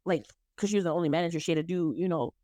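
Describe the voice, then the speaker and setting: A woman's voice: lowish voice, racing, no room sound. A woman co-hosting a podcast, telling stories in casual chat and acting out what people said. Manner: animated storytelling with acted-out quotes and laughs. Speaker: podcast co-host.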